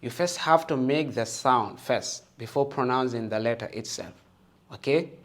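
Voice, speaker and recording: A man teaching the Arabic alphabet and Quran reading, patient and encouraging, often checking with "okay?" and sounding out each letter loudly for listeners to repeat. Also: medium pitch, moderate pace. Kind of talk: slow patient alphabet lesson with call-and-repeat.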